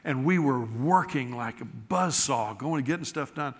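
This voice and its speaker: Middle-pitched guy preaching, folksy storytelling, echoey hall sound. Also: lively intonation, moderate pace. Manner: folksy, self-deprecating storytelling with quoted dialogue. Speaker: pastor. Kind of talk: storytelling sermon.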